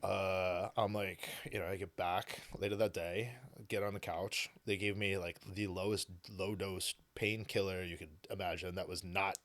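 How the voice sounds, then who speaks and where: A man's voice: deep voice, normal speed, dry recording. Casual, swearing man telling a story. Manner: animated, profane, heavy with "like" and "you know". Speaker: podcast guest.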